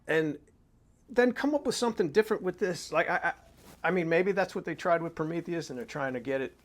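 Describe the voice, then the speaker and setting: A man's voice: fairly high pitch, expressive, brisk. A man co-hosting a casual film review chat, rambling and restarting his sentences as he gives his opinions. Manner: rambling, restarts often, says "you know" a lot.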